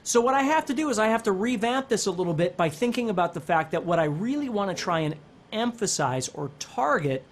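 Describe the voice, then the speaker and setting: A man teaching a relaxed guitar lesson, walking through each idea plainly and often pausing to ask if you follow. Guitar music is clearly heard behind his voice. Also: high-pitched. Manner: explanatory, checks in with "okay?" and "right?". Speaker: guitar instructor. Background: guitar playing.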